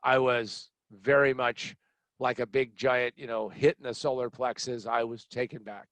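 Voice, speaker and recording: A middle-aged man telling a personal story in a blunt, animated way, acting out other people's lines. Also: medium pitch, moderate pace, no room sound. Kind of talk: storytelling monologue.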